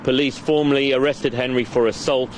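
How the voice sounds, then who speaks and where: A man, a victim's parent, reading a prepared statement in a grave, measured voice. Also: medium pitch, fairly even intonation. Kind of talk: prepared statement read aloud. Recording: street traffic noise behind. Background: clear traffic and street noise.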